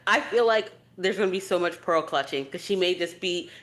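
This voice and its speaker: A woman's voice: lowish voice, fairly quick. A woman co-hosting a podcast in casual chat, playful and acting out quotes as she talks. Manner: playful, animated, acts out quotes. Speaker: podcast co-host.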